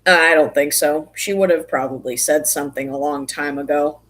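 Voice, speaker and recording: A woman's voice: low-pitched, steady tone, normal speed, fairly bright tone, low-quality recording. A woman from the United States chatting casually on a livestream while she draws, rambling and poking fun at herself. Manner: chatty, rambling, self-mocking. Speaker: streamer.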